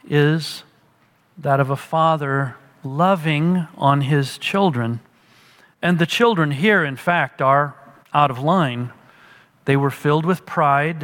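A middle-aged man delivers an earnest sermon in a high, bright voice. He takes his time, with unhurried phrasing, and leans hard on the key words of the verses he quotes. His voice rings out with a long reverb, as in a big hall. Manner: earnest expository preaching, with emphatic quoted lines. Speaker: preacher.

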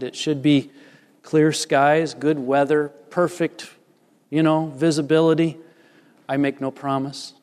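Pastor, male, fairly high voice, earnest emphatic sermon delivery in a reverberant hall. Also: darkish tone. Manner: earnest, emphatic preaching with varied pace. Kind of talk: sermon with scripture reading.

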